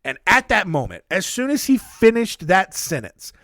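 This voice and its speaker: A male podcast host tells history stories in a loose, rambling way, full of fillers and joking asides. His somewhat high voice swings up and down a great deal. He is recorded close on a dry studio microphone. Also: huge pitch swings, normal speed, a bit bright, no echo. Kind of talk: casual history storytelling.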